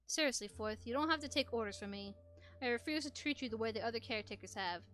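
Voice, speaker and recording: Calm kind robot father, slow soothing delivery, high bright voice, as a woman reads him. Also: soft background music. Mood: gentle.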